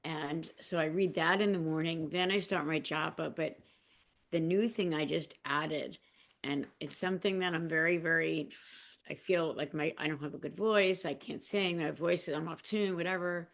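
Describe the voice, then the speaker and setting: A woman with a fairly low voice and a lot of gravelly fry shares personal stories. She is heartfelt and emotional and often stops and restarts her sentences, with many fillers. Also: moderate pace. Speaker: podcast guest. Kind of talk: personal sharing in conversation.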